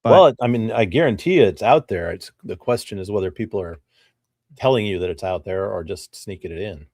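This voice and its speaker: A man co-hosting a podcast in relaxed casual chat, with dry humor and short replies of agreement. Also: fairly low pitch, fairly quick, no room sound. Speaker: podcast co-host.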